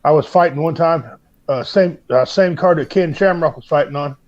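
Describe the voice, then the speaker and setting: Folksy man with a higher voice, lo-fi. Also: moderate pace, darkish tone. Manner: folksy, drawling storyteller. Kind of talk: casual bar-room chat. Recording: dull lo-fi sound.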